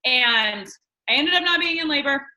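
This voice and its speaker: A woman in her thirties tells her team a personal story and coaches them. Her voice sits fairly high and sounds bright and forceful. She talks candidly and emphatically, with lots of fillers. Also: expressive, moderate pace, rough recording. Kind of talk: personal story and motivational talk.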